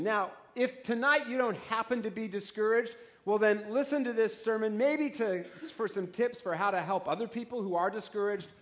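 A man in his forties, a pastor, preaching a sermon in a joking, conversational way with rhetorical questions. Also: high-pitched. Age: 40s.

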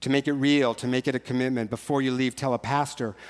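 A man's voice: medium pitch, fairly even intonation, fast. A man preaching a sermon as pastor, conversational and joking, shifting at times into rhythmic rhyming lines. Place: church sanctuary. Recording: long church hall reverb.

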